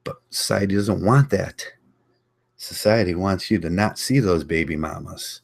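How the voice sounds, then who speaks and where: Man, deep voice, slight rasp, blunt combative rant, repeats his points. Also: measured pace. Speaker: online channel host. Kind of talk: ranting monologue.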